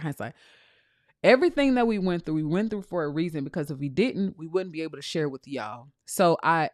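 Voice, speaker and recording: Low-voiced woman preaching to viewers. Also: dry recording, clean studio sound. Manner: preachy, addresses viewers as y'all. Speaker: dog breeder and business coach. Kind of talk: casual livestream chat.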